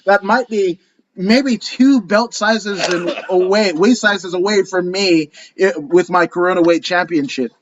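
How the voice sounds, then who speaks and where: A man's voice: sits high, a little slow, a bit bright, lo-fi sound. A man co-hosting a casual fight preview chat, rambling and joking with plenty of swearing. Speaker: co-host.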